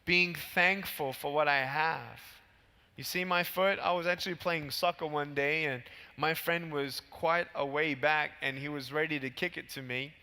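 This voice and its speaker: Speaking at normal speed in a slightly high, clear and resonant voice, a man in his thirties gives a motivational keynote to a large convention. He tells stories animatedly and acts out their scenes, with the PA adding long hall reverb.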